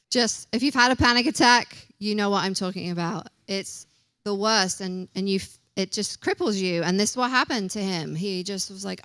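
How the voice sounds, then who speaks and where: A woman's voice: mid-range voice, fairly bright tone, clear, resonant tone, no echo, clean studio sound. A young woman preaching a casual sermon in a chatty, self-deprecating way, acting out little quotes as she goes.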